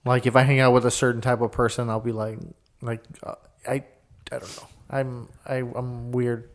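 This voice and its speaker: A man co-hosting a casual podcast, speaking in short, flat remarks. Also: mid-range voice, normal speed. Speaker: podcast co-host. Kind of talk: casual chat.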